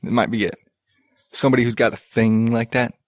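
A man rants through a podcast segment, swearing freely and dripping with sarcasm. His voice sits at an ordinary middle pitch. The recording is dry and close, with no room sound. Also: fairly even intonation, a little fast, no echo. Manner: profane, exasperated, sarcastic. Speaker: podcast host. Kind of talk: ranting casual commentary.

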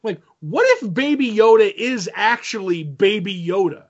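In casual podcast chat, this male co-host rambles, using plenty of fillers and starting over repeatedly. His voice is high-pitched and expressive at a moderate pace, heard through dull lo-fi audio.

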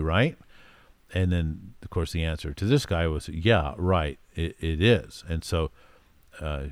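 A man with a very low voice teaching from scripture in a loose, conversational way. He often pauses with fillers and leans on the verses as he reads them out. The sound is dry and close. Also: a little mellow, dry recording. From United States. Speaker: Bible teacher. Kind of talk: informal Bible teaching.

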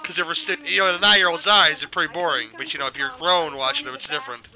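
Podcast host, male; very bright tone, higher side; stammery, swears freely in casual film talk. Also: fairly even intonation, very fast, poor audio. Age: adult, older than childhood viewing years. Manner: stammering restarts, profane and opinionated. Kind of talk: casual movie commentary chat.

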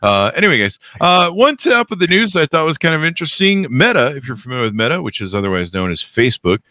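Lively, jokey male podcast host. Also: a little high, fast talker, no room sound. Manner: jokey and rambling, with many fillers. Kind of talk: casual interview chat.

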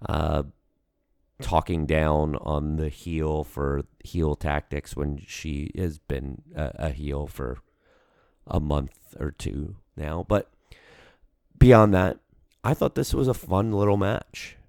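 A man's voice: extremely low pitch, slow pace, vocal fry, darkish tone, no room sound, studio quality. A man co-hosting a podcast in casual chat, rambling with lots of fillers and restarts. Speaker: podcast co-host.

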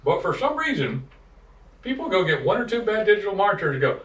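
A man's voice: sits high, very animated, fast, a bit bright, reverberant, far from the mic. A man co-hosting a casual podcast chat, blunt and profane, rambling through stories about clients. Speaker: podcast co-host, digital marketing business owner.

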